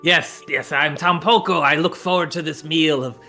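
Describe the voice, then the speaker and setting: A man voicing a fawning, greedy male guest who speaks in an ingratiating, drawn-out way. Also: on the high side, steady tone, pushed and bright, faint music behind, voice pushed up.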